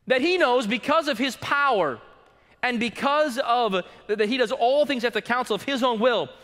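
A male pastor preaching a sermon, swinging between urgent loud passages and hushed, drawn-out emphasis. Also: very high voice, in a large hall. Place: church sanctuary.

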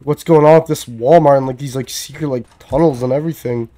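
A man giving casual, excitable gaming commentary, swearing and frantically repeating himself as the action heats up. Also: medium pitch, fast. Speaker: gameplay commentator.

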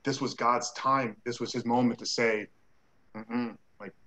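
A man's voice: medium pitch, fairly even intonation, normal speed, pushed and bright, low-quality recording. A man who is a guest on an interview show, telling a personal story in a casual way. He acts out the dialogue he quotes and uses many "like" fillers.

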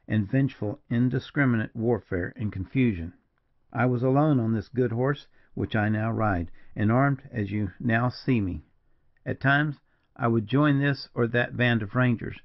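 A man's voice: mid-range voice, close to an everyday voice. A man voicing a kindly, courtly veteran frontier scout in an audiobook, speaking in an earnest, old-fashioned way. The recording is dull and lo-fi. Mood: recounting.

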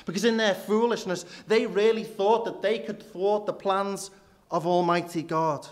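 A man, preaching a sermon in church with rhetorical questions, dropping low and quiet for emphasis. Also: fairly even intonation, normal speed.

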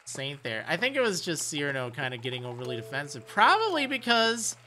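A man's voice: a little high, wildly swooping pitch, brisk, slight background noise. A man streaming a life-sim game in casual commentary, chatting and laughing often as he talks to the characters. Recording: game music playing loud. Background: game music.

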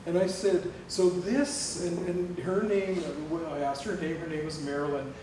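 Man, middle-aged, lively personal storytelling, voices the other people in the story, distant mic, roomy echo. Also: sits high, unhurried. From Canada. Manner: animated, acts out dialogue, laughs often. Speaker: guest speaker. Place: lecture hall on a campus. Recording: distant, echoey room recording with noise.

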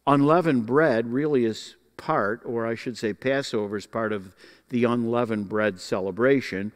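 A man teaching a Bible class in a folksy, explanatory way, pausing often to find his words. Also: mid-range voice, in a large hall. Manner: folksy, explanatory, with frequent uh fillers.

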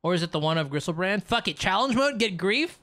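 Animated, swearing card game player. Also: mid-range voice, quick pace. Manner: frustrated, swears often, outbursts and laughter. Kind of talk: live gameplay commentary, thinking aloud.

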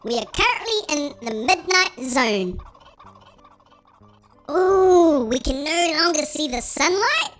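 Super squeaky pitched-up chipmunk voice, bouncy and giggly, bright, faint kids music behind. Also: sing-song, takes it slowly. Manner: bubbly, giggly, exclamatory. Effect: high chipmunk-style pitch-shifted voice. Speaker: gaming channel host. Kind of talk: excited gameplay commentary.

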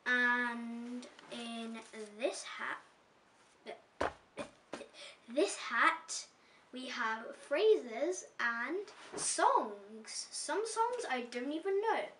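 A woman's voice: sits high, bright, forceful tone, distant mic, a little hiss or hum. A young woman chatting casually in a vlog, giggly and self-deprecating, holding the camera herself. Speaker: vlogger. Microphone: camera mic, handheld camera.

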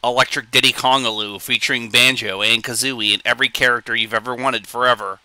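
A man's voice: medium pitch, fairly even intonation, quick pace, bright, forceful tone, no room sound. A male streamer joking around on a live reaction stream, rambling with goofy asides.

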